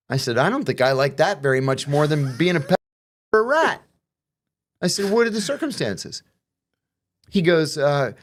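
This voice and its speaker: Animated storytelling man. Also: fairly high pitch, normal speed, long pauses. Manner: animated, acts out quoted exchanges with profanity. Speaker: guest telling prison stories. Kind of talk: casual storytelling conversation.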